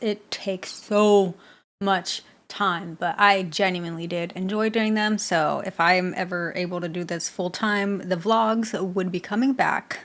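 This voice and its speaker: A woman's voice: lowish voice, fairly bright tone. A woman hosting a reaction video, talking earnestly in casual commentary and laughing between phrases.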